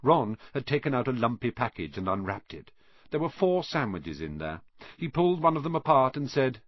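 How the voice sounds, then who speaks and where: Male audiobook narrator, husky, lively pitch, expressive, dull lo-fi sound, dry. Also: moderate pace, no echo. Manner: expressive, animated reading. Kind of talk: scripted storybook narration.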